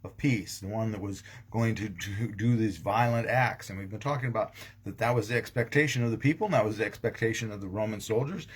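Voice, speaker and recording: A man's voice: lowish voice, a little fast. A man, a pastor, giving a casual daily devotional talk, rambling with frequent ums and restarts. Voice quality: gravelly, husky.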